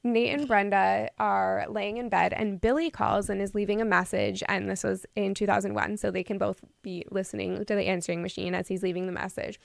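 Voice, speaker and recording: Young woman podcast host, gravelly fry, animated casual recapper, dry close sound. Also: mid-range voice, a little fast, few pauses, dry recording. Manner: animated, laughs often, swears casually. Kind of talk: casual chat, retelling scenes.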